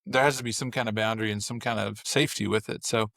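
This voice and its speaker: A man, a father, talking as a podcast guest, telling family stories with lively, acted-out bits of dialogue. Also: lowish voice, fast talker, creaky, no echo. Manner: animated storyteller, acts out family dialogue. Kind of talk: casual chat.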